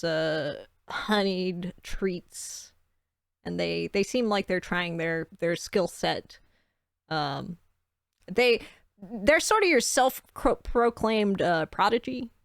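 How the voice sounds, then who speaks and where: Woman game master on a stream, gravelly voice, dry close mic. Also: fairly low pitch, dry recording. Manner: chatty, loose improvised narration. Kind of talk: narrating a tabletop game on stream.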